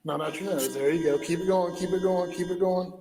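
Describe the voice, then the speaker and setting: A man's voice: sits high, fairly even intonation, brisk, warm tone, echoey room, long reverb tail, slight background noise. A male police officer giving stern, commanding instructions to a detainee.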